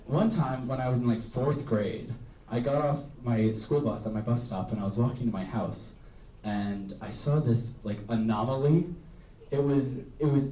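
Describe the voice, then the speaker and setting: Here a young student comic performs stand-up before a live audience, wandering and poking fun at himself with plenty of "um" and "like." He speaks a little fast at medium pitch, his intonation lively and his tone slightly mellow. It's captured as a distant, roomy live recording.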